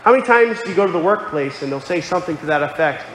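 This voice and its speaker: A man's voice: on the high side, expressive, racing, a bit bright, a little hiss or hum. A man preaching a sermon, earnest and explanatory, quoting scripture aloud. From Connecticut. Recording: echoey hall with faint ambience.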